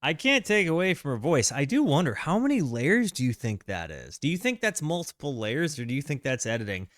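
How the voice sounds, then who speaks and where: A man's voice: a little high, big pitch swings, a little fast, fairly bright tone. A man from the American South giving casual, hesitant reaction commentary, often restarting and repeating his words. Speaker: music reaction host. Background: faint music playing.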